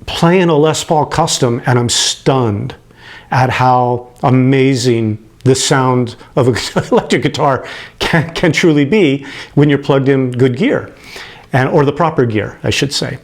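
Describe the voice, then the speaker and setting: A man's voice: mid-range voice, unhurried. Man in his late 50s, heartfelt storyteller. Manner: animated, acts out the people he quotes, chuckles as he talks; gets emotional. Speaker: guitar owner telling his story. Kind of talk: personal storytelling to camera.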